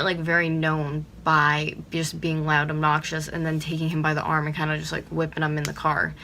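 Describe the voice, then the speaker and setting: A woman's voice: low-pitched, pushed and bright, slight background noise. A young woman from Pennsylvania ranting to her viewers on a vlog, blunt and swearing freely, with lots of "like". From Pennsylvania, USA. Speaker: vlogger.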